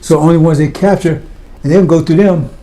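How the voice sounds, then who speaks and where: A man's voice: on the high side, fairly even intonation, fairly quick, dark tone. A man preaching a fiery sermon, blunt and impassioned, firing rhetorical questions at his listeners.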